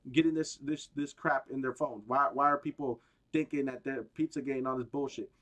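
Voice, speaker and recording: A man's voice: mid-range voice, fairly even intonation, brisk, a bit bright, close to an everyday voice. Swearing, slangy official losing patience , as a man puts him on. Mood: exasperated. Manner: profane, slangy, exasperated. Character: exasperated male officials grilling a tech boss.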